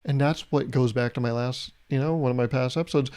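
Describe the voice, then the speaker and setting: A man's voice: medium pitch, steady tone, a little fast, few pauses, darkish tone. A young man hosting a solo podcast, talking in a loose, rambling, jokey way and chuckling at his own bits. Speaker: podcast host.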